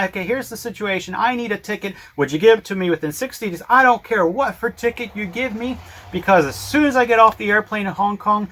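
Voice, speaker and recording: A man telling a personal travel story in a casual first-person style, acting out the dialogue with frequent restarts. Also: on the high side. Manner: animated retelling with acted-out dialogue and frequent restarts. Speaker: storyteller recounting a travel ordeal.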